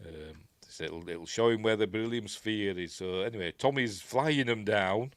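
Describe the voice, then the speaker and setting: A man's voice: fairly low pitch, normal speed, a bit bright, no room sound. A man with a Yorkshire accent hosting a casual film commentary, rambling and chuckling as he corrects himself. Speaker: host.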